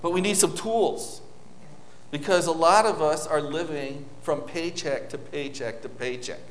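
A man's voice: a little high, a little slow, slight background noise. A man preaching an informal sermon, telling stories with many restarts and asides to a congregation. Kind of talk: conversational sermon. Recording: echoey hall with long reverb.

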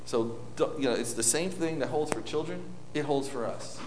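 A man's voice: fairly high pitch, normal speed, noisy background. A man preaching an informal sermon, telling stories with many restarts and asides to a congregation. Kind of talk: conversational sermon. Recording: echoey hall with long reverb.

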